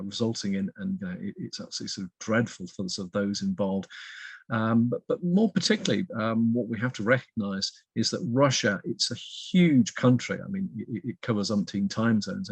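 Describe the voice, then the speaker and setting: Husky-voiced man, hesitant expert. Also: lowish voice, dry recording. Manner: hesitant, heavy use of fillers like "sort of". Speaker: guest expert, economist. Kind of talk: interview answer.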